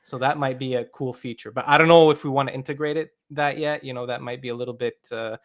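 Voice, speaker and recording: A game developer chats casually on a podcast, walking through how his game works step by step. His medium-pitched voice stays steady and moves quickly, peppered with lots of "like" and "um."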